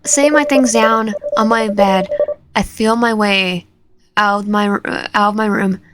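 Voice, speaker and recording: A woman's voice: mid-range voice, fairly even intonation, unhurried, heavy background noise. A woman reading a horror visual novel aloud, voicing the heroine's fear expressively. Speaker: gamer. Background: game music.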